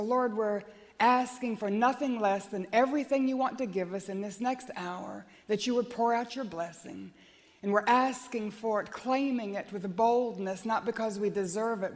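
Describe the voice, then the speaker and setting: Woman preaching in a reverberant hall. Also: medium pitch. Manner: earnest and emphatic, prayerful. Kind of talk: sermon.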